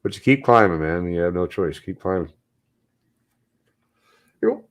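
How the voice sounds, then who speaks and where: A man's voice: deep voice, lively intonation, measured pace. A man chatting casually on a live stream, rambling and swearing often. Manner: rambling, swears a lot, gets anxious. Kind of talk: casual chat.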